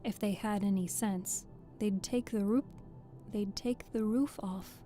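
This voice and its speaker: A woman's voice: mid-range voice, fairly even intonation, a little slow, dark tone, faint music behind, natural voice. A woman voicing Alice, a curious, polite young girl who thinks aloud to herself. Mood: musing.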